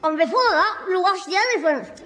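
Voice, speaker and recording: A man playing a cheeky, cocky young schoolboy in a 1960s radio comedy, full of quick backchat. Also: extremely high pitch, expressive, sharp tone, exaggerated voice. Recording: hissy old radio broadcast with reverb.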